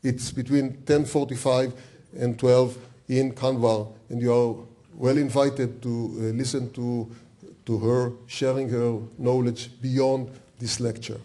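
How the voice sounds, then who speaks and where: A man's voice: mid-range voice, little pitch movement, measured pace, mellow. A man introducing a keynote speaker at a conference, reading the bio carefully with small hesitations. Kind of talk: formal introduction. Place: lecture hall.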